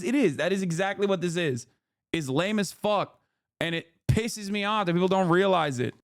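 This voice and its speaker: Streamer, male, high voice, dry close mic, heated profane rant. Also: expressive, fairly quick, no room sound. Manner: profane, exasperated, repeats himself. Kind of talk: livestream commentary rant.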